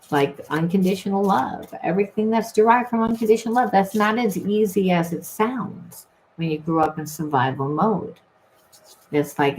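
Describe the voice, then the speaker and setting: A woman's voice: low voice, darkish tone, slight background noise, poor audio. A woman giving a rambling, emphatic spiritual reading, full of restarts and repeated phrases. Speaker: tarot reader.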